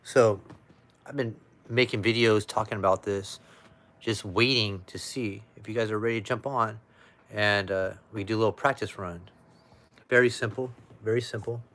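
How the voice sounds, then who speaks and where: A man's voice: fairly low pitch, fairly even intonation, moderate pace, fairly bright tone. A young American man chatting casually on a live stream at home, reading out viewer comments in a loose, chatty way. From United States. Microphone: webcam or phone.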